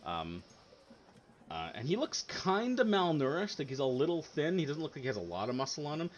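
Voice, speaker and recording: A man's voice: a little high, big pitch swings, fairly quick, lo-fi sound, a little hiss or hum. A man narrating a tabletop game as game master, rambling with lots of ums and likes.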